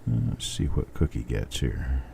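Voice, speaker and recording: The host, a middle-aged man, rambles through a casual live stream, working out his thoughts out loud. Behind his very deep, mellow, unhurried voice with its vocal fry sits a faint hiss of noise.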